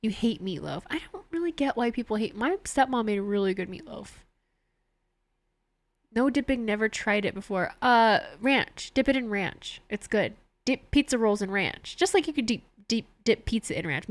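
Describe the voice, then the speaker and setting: A woman's voice: medium pitch, animated, moderate pace, no echo. A young woman live-streaming, chatting casually with viewers and laughing often as she reads out their messages. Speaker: streamer watching a wrestling show.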